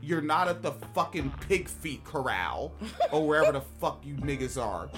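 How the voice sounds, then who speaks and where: A host rants through reaction commentary in a blunt, profane way, mid-pitched and plainly spoken. Laughing asides break up the opinions. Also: lively intonation, normal speed, over music.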